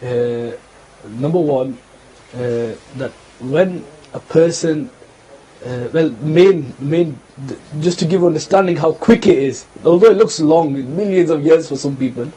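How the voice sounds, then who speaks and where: A man co-hosting a religious talk show, explaining a teaching in a measured way and checking in with his listeners. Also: a little high, warm tone, poor audio.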